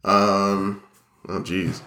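A man's voice: low-pitched, little pitch movement, very slow, sharp tone, roomy sound. A young man co-hosting a casual podcast, sounding nasal from a cold, rambling and joking with lots of fillers. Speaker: podcast co-host. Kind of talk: casual chat. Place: small home studio, echoey.

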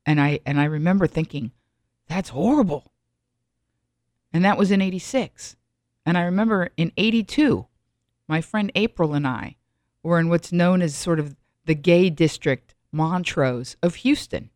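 A woman's voice: lowish voice, normal speed, darkish tone, no room sound, clean studio sound. A middle-aged woman giving a reflective solo monologue, rambling with frequent restarts and asides.

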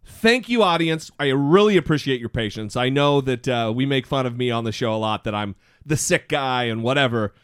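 Podcast co-host, male, hoarse, animated and profane, dry close mic. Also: medium pitch, fairly quick, few pauses, no echo. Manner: animated storytelling, swearing freely. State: hoarse voice from a throat illness. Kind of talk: casual chat.

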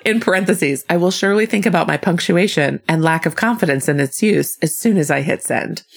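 A woman's voice: lowish voice, fairly quick, gravelly. A woman co-hosting a podcast, reading a listener's letter aloud and often breaking into laughter. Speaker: podcast co-host.

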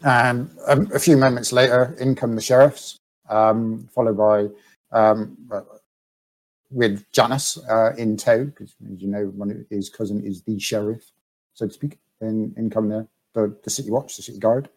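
A man's voice: on the low side, fairly even intonation, moderate pace, low-quality recording. Hesitant man narrating a tabletop game. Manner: hesitant, many ums, chuckling. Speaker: game master.

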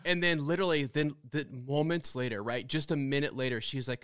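A man co-hosting a podcast, telling stories with excited, animated energy and frequent restarts. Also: medium pitch, a little fast, clear, resonant tone, no echo, clean studio sound. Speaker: podcast co-host. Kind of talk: casual fan discussion.

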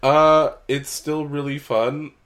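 A man's voice: on the high side, steady tone, slow pace, a bit bright. A man co-hosting a podcast, chatting casually and rambling, with frequent swearing. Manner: laid-back, swears freely, rambling. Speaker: podcast co-host. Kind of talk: casual chat.

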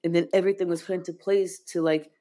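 Low-voiced earnest woman guest. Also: little pitch movement, fast, dark tone. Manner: earnest, heartfelt, frequent "like" fillers. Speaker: podcast guest. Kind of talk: emotional personal storytelling.

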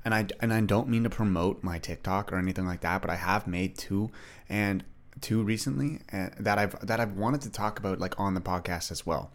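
A young man hosting a solo podcast, talking casually and rambling with many restarts. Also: deep voice. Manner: rambling, chatty, frequent restarts and "like". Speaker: podcast host.

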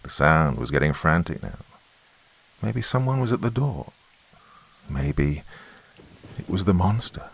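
A man narrating a first-person horror story, tense and expressive with dramatic pauses. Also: extremely low pitch, gravelly, husky.

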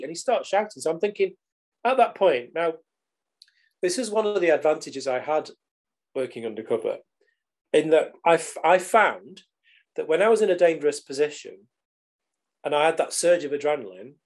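Middle-aged man, podcast guest, lively and casual, slightly high pitch. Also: normal speed, long pauses. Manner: animated, casual swearing. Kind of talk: storytelling in conversation.

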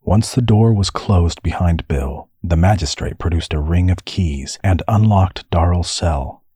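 A man narrating a fantasy audiobook story in a measured storytelling way. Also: sits low, dark tone, breathy edge, no room sound, clean studio sound.

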